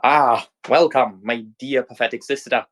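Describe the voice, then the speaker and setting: A man voicing a boastful villainous AI girl, the evil twin, in a loud and boisterous gloating manner. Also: medium pitch, moderate pace, lightly acted.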